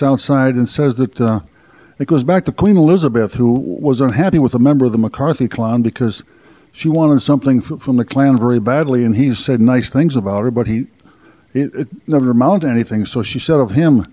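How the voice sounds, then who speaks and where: Brief: male radio host, mellow tone, folksy and joking, gardening show on location. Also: mid-range voice. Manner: folksy, jokey, self-deprecating. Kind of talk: radio interview and presenting. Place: outdoor castle gardens.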